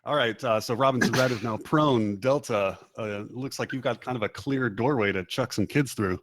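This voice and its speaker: A man acting as game master, narrating a tabletop game in a relaxed way, laughing often. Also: medium pitch, moderate pace, no room sound. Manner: laid-back, laughs often, many fillers.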